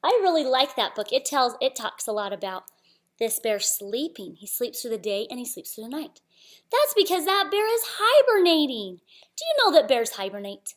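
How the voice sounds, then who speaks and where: A woman reading a children's picture book aloud in a lively, unhurried way, often dropping to a hush. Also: on the high side. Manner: animated, slow, dropping to whispers at refrains. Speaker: storybook reader.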